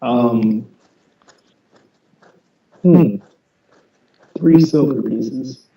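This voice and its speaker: A man's voice: medium pitch, drawn-out words, vocal fry, lo-fi sound. Hesitant man, far off in a roomy space. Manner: hesitant, stammering. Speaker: player. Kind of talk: playing a tabletop game. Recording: roomy, from off mic.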